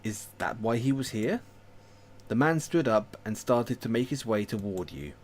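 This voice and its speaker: Reading a story game aloud on stream, this man narrates with expression and pokes fun at himself along the way. He has a medium-pitched voice and a moderate pace.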